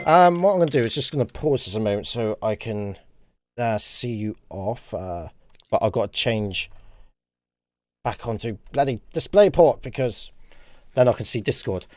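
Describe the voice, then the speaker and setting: A man hosting a casual gaming livestream, chatty and quick to laugh. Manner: chatty, laughs often, lively pitch. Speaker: livestream host. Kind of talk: casual gaming stream chat.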